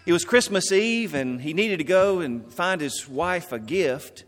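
Male pastor, slightly high voice, folksy then emphatic sermon delivery, hall reverb. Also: expressive, fairly bright tone. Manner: folksy joke-telling, then slow emphatic repetition.

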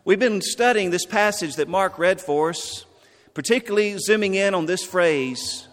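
A man preaching a sermon, telling a folksy joke and then slowly repeating key words for emphasis. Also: sits high, a bit bright, big-room sound. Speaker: pastor.

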